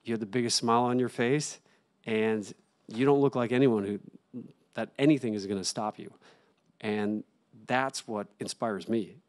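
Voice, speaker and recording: A young adult man, a guest on an interview show, telling a personal story in an earnest, halting way with many restarts. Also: fairly low pitch, a little mellow. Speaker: interview guest, actor and author.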